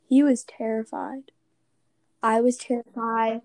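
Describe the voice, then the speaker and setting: A young woman co-hosting a podcast, telling a story in an animated, self-mocking way. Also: fairly high pitch, takes it slowly. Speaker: podcast co-host. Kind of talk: casual chat.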